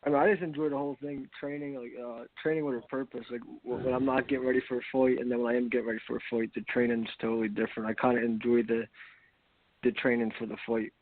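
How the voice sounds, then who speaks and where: A man's voice: medium pitch, level tone, fast talker, no room sound. A man answering interview questions as a guest, terse and matter-of-fact. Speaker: guest fighter. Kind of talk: casual interview. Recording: tinny phone-like line.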